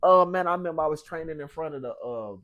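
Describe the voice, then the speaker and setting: A man's voice: quick pace, muffled recording. A young man, an interview guest, telling a story in casual talk and acting out the people he quotes. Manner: animated, acts out quotes with big pitch jumps.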